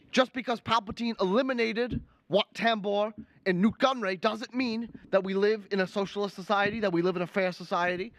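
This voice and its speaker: A man's voice: sits high, fairly bright tone. A young man putting on an indignant older male senator with a Brooklyn accent, lecturing and repeating his outrage in a comic political impression. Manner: ranting, finger-wagging, repeats outrage lines. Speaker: student livestream presenter.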